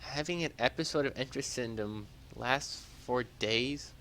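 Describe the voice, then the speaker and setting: A man voicing a capable young woman scout who speaks briskly and matter-of-factly. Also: medium pitch, a bit bright, a little hiss or hum, natural voice. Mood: tense.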